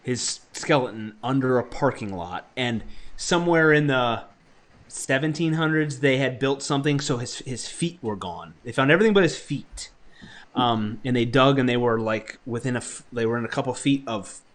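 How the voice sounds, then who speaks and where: A man's voice: mid-range voice, moderate pace. A man co-hosting a livestreamed chat, rambling along with many ums and restarts. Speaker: podcast co-host.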